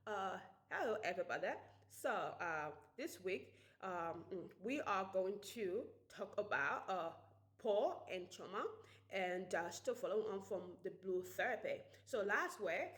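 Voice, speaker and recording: A woman's voice: mid-range voice, animated, a little slow, a bit bright. A woman trying out a British accent, hesitant and full of fillers.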